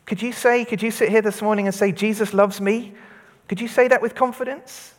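A man preaches to an all-age congregation in a church hall, lively and interactive as he gets children and adults to repeat words in call-and-response. His voice is high-pitched and a little fast, with a big-room sound.

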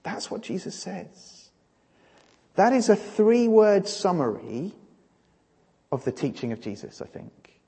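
A man's voice: sits high, very animated, slow, gravelly, long pauses, mellow, husky. A man preaching a sermon in an emphatic style, his delivery rising and falling. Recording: reverberant hall.

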